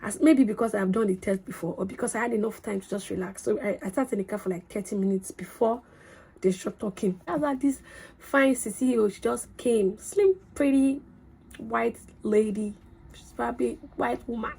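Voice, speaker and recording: A young woman vlogging in a bubbly, animated storytelling voice. Her tone is slightly husky and sits a little high. She chats away excitedly to her viewers. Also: normal speed. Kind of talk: casual storytelling vlog.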